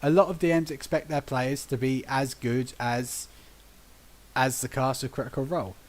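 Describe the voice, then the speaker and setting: Medium in pitch and moderate in pace, a man from Britain recounts tabletop gaming stories on his easygoing podcast. As host, he brings the quotes to life by acting them out, laughing often along the way.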